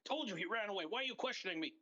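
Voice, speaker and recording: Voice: medium pitch, lively intonation, racing, pushed and bright, voice pushed up. A player voicing a brusque, impatient bandit captain who barks curt orders and gives short replies, on a dull mic.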